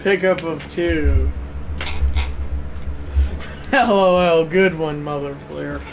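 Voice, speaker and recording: High-voiced man doing game commentary. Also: drawn-out words, pauses often, rough recording. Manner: swings between loud excited play calls and low offhand asides to chat. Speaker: livestream host. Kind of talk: mock play-by-play commentary on a football video game. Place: room at home. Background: faint fan hum.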